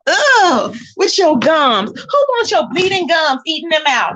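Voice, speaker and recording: High-pitched woman on a livestream, sassy and animated, calls everyone baby. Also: a little fast, hardly any pauses. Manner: animated, sassy, addresses viewers as child and baby. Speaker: livestream host. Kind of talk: casual livestream commentary.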